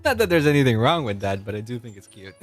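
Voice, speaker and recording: A man's voice: medium pitch, big pitch swings, fast talker. A man in his late twenties, a streamer chatting casually and rambling while he plays, laughing often. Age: 20s. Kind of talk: casual live-stream chat while gaming.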